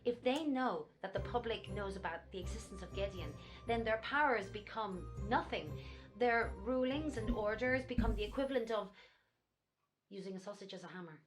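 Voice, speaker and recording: An actress with an Irish accent playing a rambling, conspiracy-minded woman in a game, ranting fast about cover-ups. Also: mid-range voice, natural voice. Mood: earnest. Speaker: game character. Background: game music.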